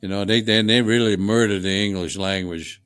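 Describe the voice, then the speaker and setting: A man's voice: lowish voice, steady tone, fairly quick, fairly bright tone, smooth, no room sound, faint music behind. Folksy man with a New Orleans accent. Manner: folksy, rambling. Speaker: guest, HVAC contractor. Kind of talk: casual storytelling. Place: home dining room.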